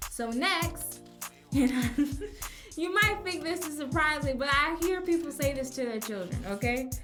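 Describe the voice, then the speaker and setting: A woman's voice: sits high, expressive, a little slow, over music. A young woman hosting a casual advice podcast as a teacher, chatting and acting out phrases emphatically.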